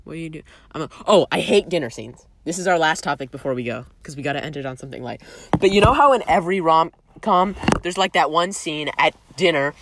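A woman's voice: low voice, quick pace, background noise. A young woman co-hosting a podcast, chatting casually, joking, swearing and slipping into silly voices. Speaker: podcast co-host. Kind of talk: casual chat.

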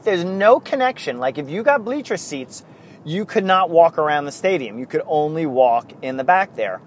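A middle-aged man, co-hosting a casual podcast and telling rambling stories in excited bursts. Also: fairly high pitch, moderate pace, slight background noise. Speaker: podcast co-host. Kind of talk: casual chat.

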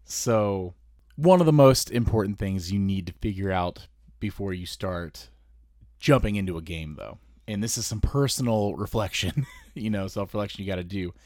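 A man's voice: lowish voice, normal speed, a little mellow, no echo. A man co-hosting a casual tabletop game podcast, chatting and laughing between points into a close microphone. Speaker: podcast co-host. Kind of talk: casual chat.

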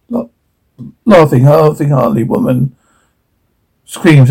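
A man's voice: mid-range voice, unhurried, vocal fry, warm tone, slightly rough, rough recording. A man reading a drama's titles, sound cues and stage notes aloud in a matter-of-fact way. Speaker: reader of a drama script.

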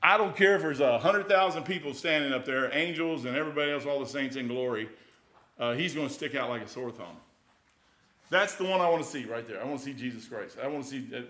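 A man preaching an informal sermon, folksy and conversational, rising loud and then dropping quiet. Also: mid-range voice, fast talker.

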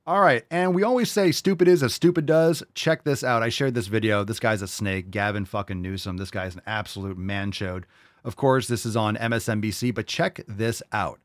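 A man's voice: medium pitch, expressive, normal speed, dry recording, studio quality. A male podcast host ranting in a casual, profane, emphatic way. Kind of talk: casual opinion rant.

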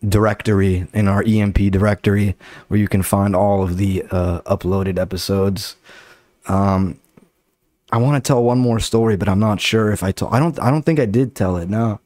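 A man's voice: fairly low pitch, moderate pace, darkish tone, no echo, studio quality. A male comedian and podcast host telling loose, profane stories in a casual ramble.

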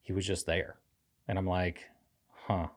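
Male pastor co-host, lower voice, casual storyteller, self-deprecating with ready laughs. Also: brisk. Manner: rambling storyteller, self-teasing, laughs often. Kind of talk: casual chat.

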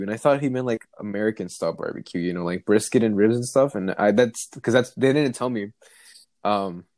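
A man's voice: lowish voice, a little mellow, no echo. Laid-back young man telling stories. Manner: laid-back storyteller, swears freely, acts out voices. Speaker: co-host telling work stories. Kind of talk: casual chat.

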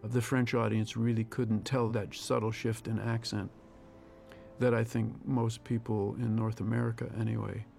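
A man, a film director, giving a reflective audio commentary, thinking aloud with pauses and restarts. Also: lowish voice, level tone, gravelly, a little mellow, a little hiss or hum.

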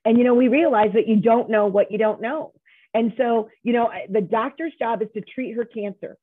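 A woman's voice: a little high, normal speed, breathy edge, no echo. Emphatic middle-aged woman on a phone line. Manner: emphatic, storytelling, frequent restarts. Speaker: nonprofit founder, guest. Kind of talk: interview conversation. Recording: tinny dry phone line.

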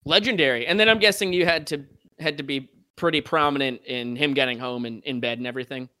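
A young podcast co-host who keeps the chat moving with quick remarks. His voice is bright and crisp. He speaks in short, encouraging bursts. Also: mid-range voice. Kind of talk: casual chat.

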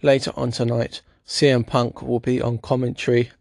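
A man's voice: mid-range voice, flat delivery, normal speed, vocal fry, darkish tone, dry recording. A man giving a casual spoken recap of a wrestling show, with dry, sarcastic asides.

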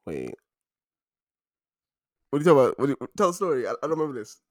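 A man in his twenties telling stories in a casual chat, animated and laughing, breaking into loud impressions. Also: medium pitch, fast talker, dry recording, studio quality. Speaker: podcast co-host.

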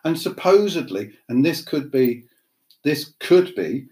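A middle-aged woman co-hosting a casual chat podcast, playful and quick to laugh. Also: low-pitched, poor audio. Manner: giggly, playful, lively. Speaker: podcast co-host.

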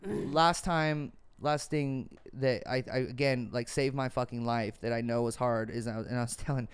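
A man's voice: medium pitch, moderate pace, clear, resonant tone. A young man hosting a podcast, telling stories in a casual, profane, rambling way. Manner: profane, rambling, animated storytelling. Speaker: podcast host. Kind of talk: casual storytelling chat.

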